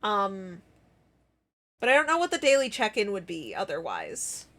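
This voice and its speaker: A woman's voice: mid-range voice, huge pitch swings, moderate pace, a bit bright. A young woman live-streaming in casual chat, giggly and playful, bursting into squeals and laughter.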